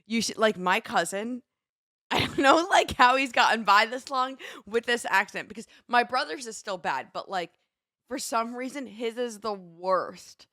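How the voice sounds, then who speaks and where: A woman with a New Jersey accent co-hosting a live morning show, chatty and quick to laugh, often trailing off mid-thought. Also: fairly high pitch, pushed and bright, dry recording, clean studio sound. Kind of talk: casual chat.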